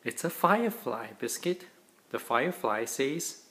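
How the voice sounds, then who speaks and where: A father reading a children's picture book aloud to his kids in a gentle, playful, animated way. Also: mid-range voice, measured pace.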